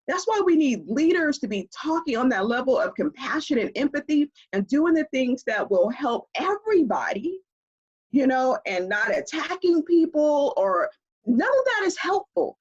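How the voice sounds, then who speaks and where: A woman speaking as an expert guest in a conversational interview, explaining in an animated way and laughing often, heard over a video call. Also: high voice, husky, muffled recording.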